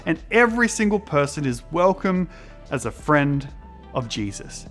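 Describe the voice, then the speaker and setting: Lively Australian man telling kids a story. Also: a little high. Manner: animated, acts out voices in his stories. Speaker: children's preacher.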